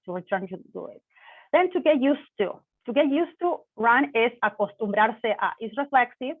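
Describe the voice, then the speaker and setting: A woman with a voice on the high side teaches Spanish online, and Spanish is her native language. She explains at a slow pace, fixing her own slips and weaving in Spanish examples. The audio is tinny, phone-like, and dry with no echo.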